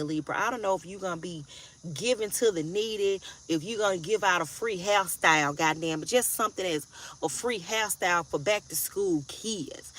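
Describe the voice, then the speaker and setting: A tarot reader in her forties gives a casual reading, blunt and profane, preaching and repeatedly asking whether you hear her. Her voice is medium-pitched and a bit bright.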